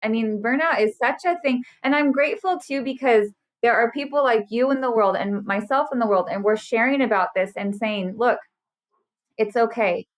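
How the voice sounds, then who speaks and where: A woman's voice: fairly high pitch, moderate pace. A woman in her thirties, a burnout specialist, talking earnestly and animatedly as a podcast guest. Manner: earnest, animated, acts out quotes. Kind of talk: casual interview chat.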